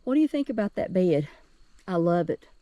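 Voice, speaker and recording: A woman's voice: lowish voice, very animated, brisk, warm tone, dry recording, muffled recording. A woman from West Virginia, giving a chatty, cheerful tour of her home garden outdoors and talking straight to her viewers. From West Virginia, USA. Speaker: gardening vlogger. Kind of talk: casual garden tour vlog.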